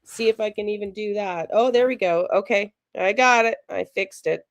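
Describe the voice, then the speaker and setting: A woman's voice: medium pitch, moderate pace, no room sound. Chatty woman hosting a live stream. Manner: chatty, reads and answers viewer chat aloud; emotional, sympathetic. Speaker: livestream host. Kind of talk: casual live-stream chat.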